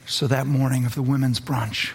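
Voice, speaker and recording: A woman's voice: extremely low pitch, fairly even intonation, moderate pace, gravelly, a little mellow, husky. A woman preacher delivering a sermon, telling a story with earnest swells and drops in emphasis.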